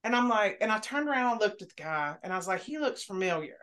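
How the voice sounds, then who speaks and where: A woman on a podcast panel, chatting casually and telling animated stories, swearing freely. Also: medium pitch, quick pace, clear, resonant tone. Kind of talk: casual chat.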